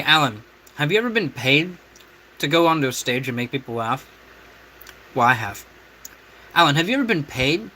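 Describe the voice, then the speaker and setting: A man's voice: fairly high pitch, pushed and bright, slight background noise, poor audio. Brash profane man roasting his chat. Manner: brash, profane, mocking insults. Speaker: livestream host. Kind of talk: crude roasting of chat on a cooking livestream.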